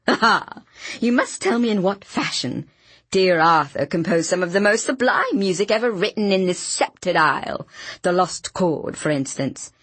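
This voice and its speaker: A woman voicing a tiny, flamboyant man who gushes theatrically about music, with a husky voice. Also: mid-range voice, expressive, normal speed, a bit bright, no echo. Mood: gushing. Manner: theatrical, gushing exclamations.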